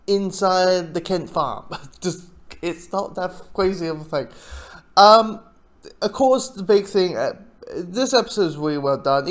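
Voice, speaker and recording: A man talks through a TV review in a loose, conversational way, restarting sentences and chuckling as he goes. His voice sits a little higher than most men's. He sounds relaxed and unscripted. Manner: rambling, self-interrupting, chuckles often. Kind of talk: casual spoken review.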